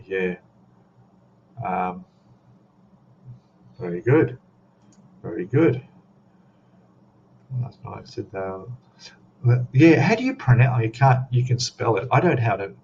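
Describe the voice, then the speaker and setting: A man's voice: medium pitch, animated, slow pace, long pauses, darkish tone. A man with an Australian accent chatting casually on a live stream as a scale model host, rambling and reading chat comments aloud. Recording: dull lo-fi stream audio with faint noise.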